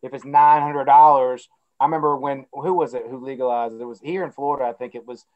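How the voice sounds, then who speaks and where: A man's voice: medium pitch, steady tone, fast talker, phone-quality sound. A man giving an interview as a guest, speaking earnestly and repeating words while he searches for phrasing. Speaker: guest, company CEO. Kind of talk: casual interview chat.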